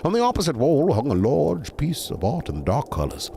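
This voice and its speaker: A man's voice: fairly high pitch, wildly swooping pitch, normal speed, gravelly, mellow, slight background noise. A man reading a bedtime story aloud to a stream, breaking off for chatty, digressing asides.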